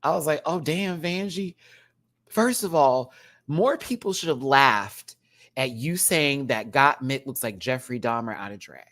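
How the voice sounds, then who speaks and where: A man reviewing a drag competition show in a casual, campy rant, laughing often and swinging between loud outbursts and quiet asides. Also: lively intonation, unhurried. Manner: big jumps in pitch and loudness. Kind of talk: casual commentary.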